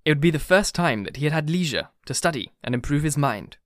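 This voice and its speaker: A man's voice: a little high, animated, fast talker, a bit bright, no room sound. Man reading an audiobook, dry close sound. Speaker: audiobook narrator. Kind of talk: scripted narration.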